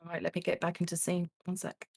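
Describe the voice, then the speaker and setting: A woman's voice: fairly low pitch, monotone, fast talker, vocal fry, a little mellow, slightly rough. A woman hosting a charity live stream in casual chat, amused and laughing often. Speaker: stream host acting as the show's judge.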